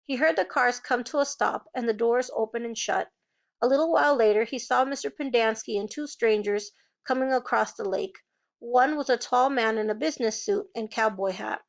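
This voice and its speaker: A woman's voice: a little high, normal speed, vocal fry, dull audio. A woman reading a novel aloud, changing her voice to play each character. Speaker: reader.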